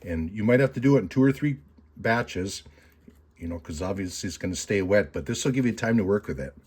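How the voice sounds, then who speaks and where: Low husky man, folksy shop tutorial. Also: lively intonation, a little fast, darkish tone. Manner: folksy, rambling, self-mocking. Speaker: taxidermist. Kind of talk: casual how-to tutorial with jokes. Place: workshop.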